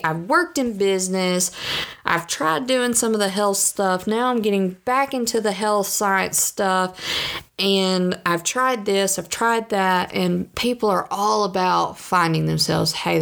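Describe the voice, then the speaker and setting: A woman's voice: medium pitch, vocal fry, fairly bright tone. A woman in her thirties talking casually to camera, rambling and self-deprecating about herself. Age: 30s. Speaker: vlogger. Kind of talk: casual monologue.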